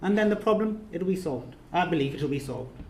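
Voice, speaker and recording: A man's voice: fairly high pitch, animated, fairly quick, gravelly, mellow, echoey room, a little hiss or hum. A man leading a course, giving an emotional thank-you speech, earnest and repetitive, his phrases rising to emphatic peaks. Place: reception room of an official residence.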